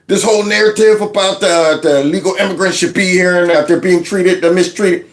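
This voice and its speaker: A man hosting casual political commentary, talking in an animated, mocking way and laughing often. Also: sits high, a little fast. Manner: quotes others in a mock voice. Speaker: commentary host.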